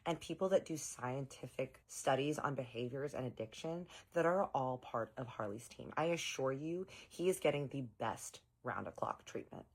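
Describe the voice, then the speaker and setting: A woman voicing a prim female caretaker who talks in a soft, measured, defensive way. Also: a bass voice, expressive, heavily acted.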